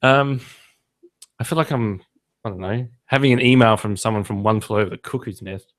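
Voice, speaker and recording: A man's voice: lowish voice, a little fast. A man hosting a podcast, telling rambling, jokey stories in casual chat. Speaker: podcast host.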